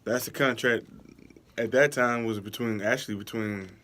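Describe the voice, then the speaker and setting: A man co-hosting a podcast in casual chat, easygoing and quick to chime in. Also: medium pitch, steady tone, a bit bright. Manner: brief agreeing interjections, easygoing. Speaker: podcast co-host.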